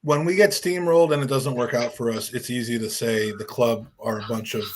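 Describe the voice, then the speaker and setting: A man's voice: medium pitch, steady tone, fairly quick. A man hosting a football fan call-in show, talking in a loose, rambling, sweary way. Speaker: podcast host. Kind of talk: casual fan show talk.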